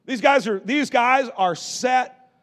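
A male pastor with a fairly high voice telling a lively story from the pulpit. He talks in an animated way, stumbles over his restarts, and piles up repeated words. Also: takes it slowly. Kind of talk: storytelling sermon.

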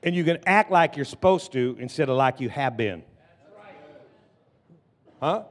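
A man preaching a lively sermon as pastor, drawing the congregation into call-and-response. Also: mid-range voice, a little slow. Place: church sanctuary. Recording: long church hall reverb.

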